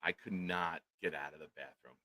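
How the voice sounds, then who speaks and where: A middle-aged man, a co-host telling a profane, comedic story in loud, animated rants. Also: sits low, moderate pace, low-quality recording. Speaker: podcast co-host.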